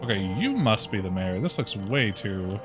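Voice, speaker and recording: A male streamer reacts to a story game with dry, cursing asides, half-muttered to himself. His pitch moves a lot, and faint game music sits underneath. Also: very animated, normal speed. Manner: wry and profane, mutters asides. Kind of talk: casual gaming commentary.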